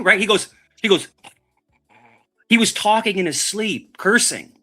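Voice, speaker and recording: Casting: talkative man, fairly high bright voice, rambling anecdote style, faint music underneath. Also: fairly quick. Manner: rambling, animated, swears, repeats words. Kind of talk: casual storytelling chat.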